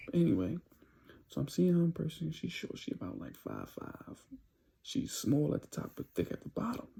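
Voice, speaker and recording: A man's voice: on the high side, very animated, a little fast, creaky, noisy background. A young man telling a casual storytime tale in loose street slang, full of "you know"s. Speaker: vlogger telling a dating story.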